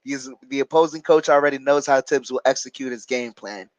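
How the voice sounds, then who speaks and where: This male watch-along host talks briskly at a medium pitch while casually reading and answering viewer chat during a live basketball game. He's chatty and hesitant, leaning on plenty of fillers. The recording is dry, with its highs cut off.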